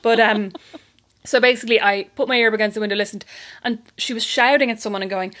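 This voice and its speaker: An Irish woman co-hosting a podcast, telling neighbour stories in a lively chatty way and acting out the voices of people she quotes. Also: on the high side, fast talker. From Ireland. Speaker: podcast co-host. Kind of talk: casual storytelling chat.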